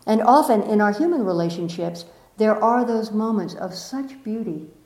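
A woman giving a gentle, affectionate inspirational talk to a live audience as a spiritual teacher, often repeating key words. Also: mid-range voice, lively intonation, moderate pace. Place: warm room full of listeners. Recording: roomy echoing room.

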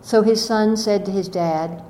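Slowly and gently, an older woman tells a reflective spiritual story, her voice often trailing off softly. The room is echoey with a faint rumble.

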